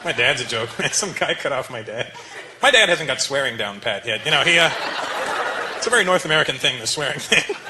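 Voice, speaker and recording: A man doing stand-up comedy, animated and laughing often as he talks straight to the audience. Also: mid-range voice, brisk. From Canada. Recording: live club with loud crowd and noise.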